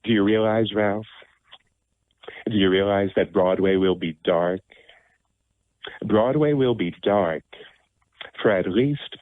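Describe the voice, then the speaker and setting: A man's voice: on the low side, no echo, lightly acted. A man imitating a worried male theater producer who laments in a fretful way, heard over narrow, dry radio audio.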